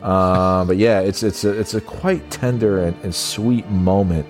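A man's voice: low-pitched, steady tone, measured pace, darkish tone. A man co-hosting a casual film review chat, talking loosely, laughing often and acting out lines from the film. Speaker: podcast co-host. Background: faint synth music.

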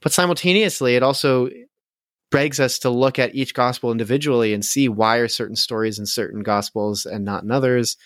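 A man's voice: mid-range voice, fairly quick, no echo, clean studio sound. A young married man co-hosting a podcast, talking earnestly in casual chat with hesitant restarts. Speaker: podcast co-host.

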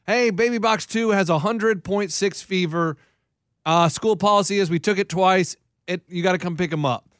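A man's voice: high voice, normal speed, smooth, dry recording, clean studio sound. A man co-hosting a casual podcast, telling a story and acting out frustrated exchanges. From Nashville area. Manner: animated storyteller, acts out exasperated dialogue. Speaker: podcast co-host.

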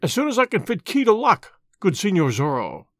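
A man's voice: sits high, huge pitch swings, normal speed, fairly bright tone, dry recording, clean studio sound, heavily acted. A man voicing a timid jail guard who pleads fearfully in an audiobook reading. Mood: frightened.

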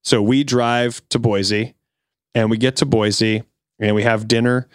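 A man's voice: mid-range voice, a little slow, smooth, dry recording, studio quality. A man co-hosting a podcast, telling a long story casually and acting out what people said. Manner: animated storyteller, acts out quotes. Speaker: podcast co-host.

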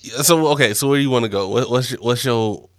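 Easygoing, halting podcast co-host man. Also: medium pitch, no room sound, clean studio sound. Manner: easygoing, halting, many fillers. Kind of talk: casual chat.

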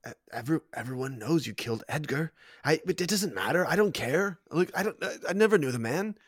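A man voicing a nervous, stammering male thug with a high-pitched, odd accent in a tabletop game. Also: lively intonation, fast talker, breathy edge, no echo, studio quality. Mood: flustered. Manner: stammering, whiny.

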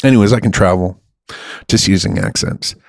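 A man's voice: fairly low pitch, moderate pace, creaky, no room sound. Podcast host, man, swears a lot, emphatic and rambling, dry close sound. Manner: profane, emphatic and rambling, with a playful streak. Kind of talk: casual chat.

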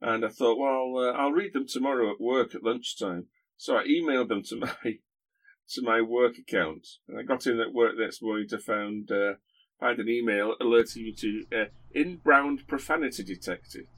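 A man's voice: medium pitch, normal speed, fairly bright tone. A man guest-hosting a podcast, chatting with dry humour and lots of hesitations. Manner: hesitant, dry humorous, many fillers. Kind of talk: casual podcast chat.

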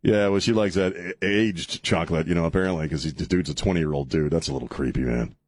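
A man's voice: sits low, quick pace, no echo. A man hosting a radio talk show, joking, rambling and laughing as he chats in a studio. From South Texas. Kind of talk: casual radio banter. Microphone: studio microphone.

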